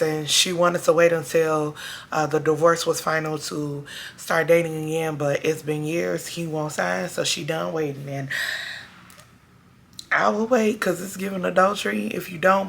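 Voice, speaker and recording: A hoarse woman recapping a TV episode for her viewers in a sassy, casual, chatty way. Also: deep voice, a bit bright. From Chicago area. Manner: sassy, talks straight to her audience with slang. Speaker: TV show review vlogger.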